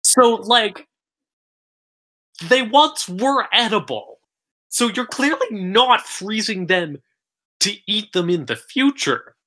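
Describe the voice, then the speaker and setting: Lively bright-voiced woman podcaster. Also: mid-range voice. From Philippines. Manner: animated, sarcastic, quick asides. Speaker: podcast co-host. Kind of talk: casual chat.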